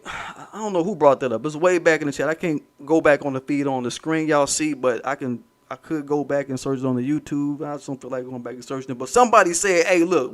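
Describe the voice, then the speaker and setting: Dude ranting on his stream, swears a lot, rambles, kinda high voice. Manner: profane, rambling, talks to the chat. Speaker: livestream host. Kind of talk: casual livestream rant.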